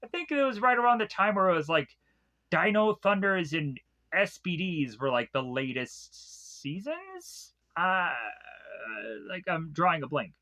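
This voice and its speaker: A man with a high, bright voice recaps episodes in a loose, chatty way. His pitch swings widely as he rambles, laughs often and swears without a second thought. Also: very animated, measured pace. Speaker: episode reviewer. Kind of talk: casual recap and commentary.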